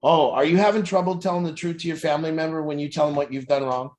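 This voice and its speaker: A man's voice: a little high, steady tone, fast, a little mellow. Blunt, profane man coaching families. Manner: profane, intense, preachy. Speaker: addiction recovery coach. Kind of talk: blunt motivational talk.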